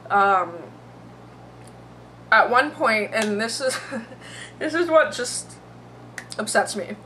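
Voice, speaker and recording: A woman's voice: fairly high pitch, lively intonation, slow, bright, forceful tone, slight background noise, poor audio. A young woman vlogging to her camera, emotional and teary, rambling with lots of fillers. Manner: emotional, rambling, heavy on "like" and "you know". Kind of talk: casual vlog commentary. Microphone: camera mic.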